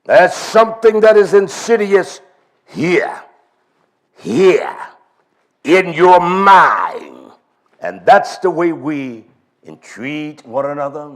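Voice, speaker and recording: A man's voice: fairly high pitch, sing-song, takes it slowly, long pauses. A man preaching a sermon in an emphatic, repetitive style, driving his points home.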